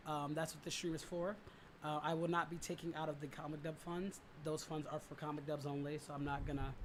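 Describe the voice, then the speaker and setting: A slightly hoarse man hosts a casual livestream, rambling along with plenty of fillers and restarts. His voice sits a touch high for a man. There is a faint background hiss behind him. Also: poor audio. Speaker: livestream host.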